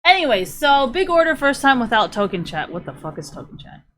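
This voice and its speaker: A woman's voice: high voice, very animated, a little fast, fairly bright tone, a little hiss or hum. A woman streamer ranting to her live chat, profane and rambling, sometimes drifting away from the mic as she browses.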